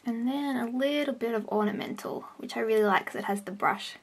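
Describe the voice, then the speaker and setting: In a slightly high, brisk voice, a young woman rambles through a home makeup tutorial vlog, fixing her own words as she goes. A camera on a stand sits close to her indoors.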